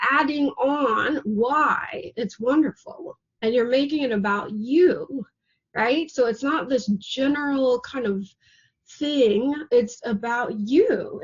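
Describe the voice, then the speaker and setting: A woman's voice: on the high side, breathy edge, highs cut off. A woman coaching an online class, chatty and repetitive, often tossing in a rhetorical "right?". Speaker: manifesting coach.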